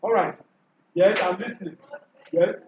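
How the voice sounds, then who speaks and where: A man's voice: sits high, a little slow, noisy background. A man teaching a classroom revision lesson, quizzing his students and repeating his questions. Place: school classroom. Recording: echoey classroom from far off, dull and lo-fi.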